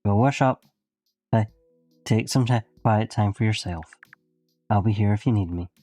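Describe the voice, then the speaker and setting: Man voicing a doting theatrical friend, lower voice, grand and affectionate, visual novel, dry. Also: moderate pace, dark tone, no room sound, faint music behind, lightly acted. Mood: soothing. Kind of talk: reading a visual novel aloud.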